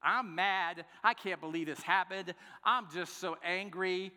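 A man's voice: high-pitched, unhurried, pushed and bright, pitched above the performer's own voice, heavily acted. A man acting out a sulking, angry male prophet who grumbles and complains, heard in a long echoing hall. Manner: complaining, exasperated, muttering at times.

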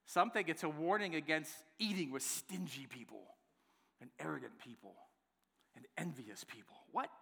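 Upbeat pastor guy preaching, bright voice, bouncing all over, church reverb. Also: on the high side, normal speed, vocal fry, husky. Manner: lively, playful, acts out congregants' replies. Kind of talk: sermon. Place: church worship center.

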